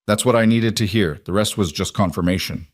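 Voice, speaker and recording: A cold crime boss, voiced by a man, in a dry, close recording. He speaks low and measured, every word a quiet threat in a dark audio drama. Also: dry recording, natural voice. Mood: cold menace. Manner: measured, menacing.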